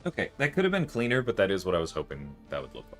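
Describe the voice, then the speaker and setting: A man's voice: deep voice, huge pitch swings, racing, fairly bright tone, soft background music. A man casually chatting with viewers on a game livestream, laughing often and explaining game mechanics. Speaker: livestream gamer.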